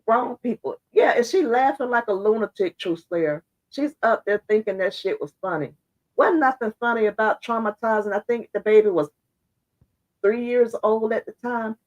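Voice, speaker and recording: A woman giving blunt, fired-up opinion commentary straight to her viewers, her voice hoarse and congested. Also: fairly high pitch, normal speed, darkish tone, muffled recording. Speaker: social media commentator.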